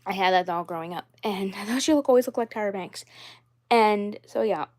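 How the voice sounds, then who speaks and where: A young adult woman chats about her doll collection in a loose, rambling way. She repeats herself often and leans on fillers. Her voice sits at an ordinary middle pitch. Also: brisk, a little mellow. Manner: rambling and repetitive, many fillers. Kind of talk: casual doll-collection vlog.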